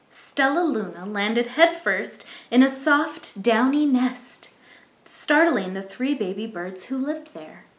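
A woman reading a picture book aloud as a library storyteller, gentle and expressive, with asides to young listeners. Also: on the high side, reverberant.

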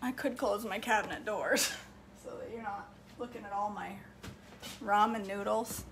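A woman's voice: mid-range voice, fairly even intonation, normal speed, fairly bright tone, a little hiss or hum. A woman chatting casually in her home kitchen for a cooking vlog, laughing now and then and trailing off. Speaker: vlogger.

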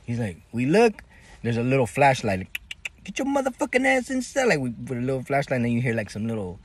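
A man telling a slangy, animated story to his viewers, acting out the voices of the people in it. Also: mid-range voice, fast talker, breathy edge. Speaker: vlogger. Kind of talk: casual storytelling.

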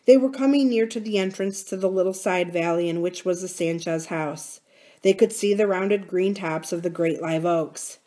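List: woman, library reader, novel read aloud, steady narration. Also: on the low side, moderate pace.

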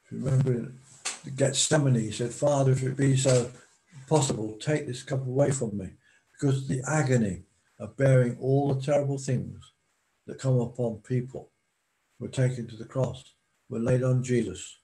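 A male preacher delivering a sermon with a mellow, warm tone. He speaks slowly and deliberately, leaning on pauses to let each phrase land. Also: medium pitch, creaky, rough recording.

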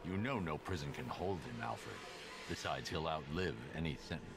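An actor playing a grim, brooding male vigilante in a video game, speaking in a deep gravelly growl with clipped commands. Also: animated, normal speed, exaggerated voice. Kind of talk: video game cutscene acting.

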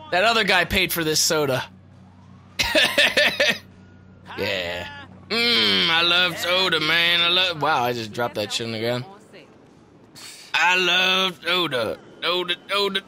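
A young man talks over his gameplay in a high, very bright voice. He is loud and excitable, swears freely and laughs often as he comments. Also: slow pace, soft background music. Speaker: gaming video host. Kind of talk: let's play commentary.

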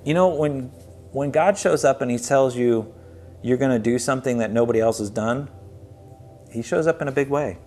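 A man's voice: medium pitch, normal speed, darkish tone, a little hiss or hum. Earnest man telling his own story. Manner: earnest, conversational, vivid retelling. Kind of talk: personal storytelling.

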